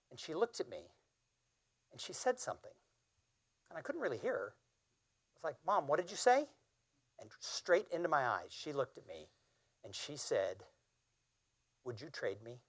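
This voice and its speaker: A man's voice: mid-range voice, big pitch swings, normal speed, long pauses. A man in his fifties giving a keynote speech, telling a personal story in an earnest, emphatic way. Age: 50s. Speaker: keynote speaker.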